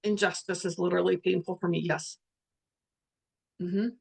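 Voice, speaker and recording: A woman's voice: fairly low pitch, steady tone, moderate pace, vocal fry, a little mellow, breathy edge. A middle-aged woman leading a reflective spiritual talk, speaking candidly and earnestly, sometimes swearing. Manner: candid, earnest, swears, reads out participants' messages. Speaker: workshop facilitator.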